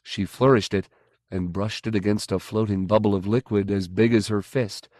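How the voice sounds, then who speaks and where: Male audiobook narrator, measured and even, lowish voice. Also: no room sound, studio quality. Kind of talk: scripted narration.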